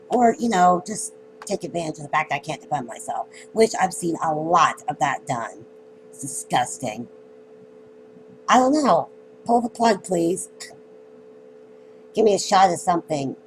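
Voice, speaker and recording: Halting, bitter woman venting at home. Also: lowish voice, slight background noise, low-quality recording. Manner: halting, hesitant, bitter and self-mocking. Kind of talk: emotional personal rant. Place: at home in an apartment.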